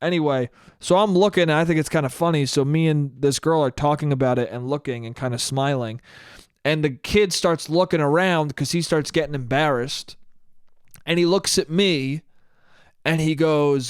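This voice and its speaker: A young man hosts a solo podcast and tells his story in a casual, rambling way. He swears freely and restarts his sentences often. His voice sits a bit higher than most men's, and the sound is close and dry with no room echo. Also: normal speed, clean tone. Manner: loose, profane and conversational, with frequent restarts. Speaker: podcast host.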